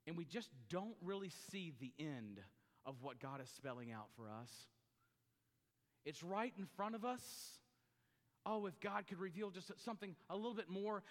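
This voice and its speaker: A man's voice: high voice, pushed and bright. A man preaching a sermon as a pastor, explaining word meanings and turning to his congregation with asides. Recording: long hall reverb.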